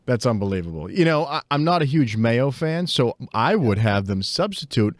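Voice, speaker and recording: A man co-hosting a podcast in a relaxed, ribbing chat. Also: mid-range voice, moderate pace, dry recording, studio quality. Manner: easygoing, ribbing the host. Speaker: podcast co-host. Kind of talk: casual chat.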